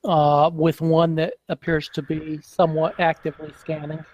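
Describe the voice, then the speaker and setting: A man playing a tabletop game, reasoning through his character's options out loud. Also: fairly high pitch, little pitch movement, normal speed, rough recording. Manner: thinking aloud, analytical. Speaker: player.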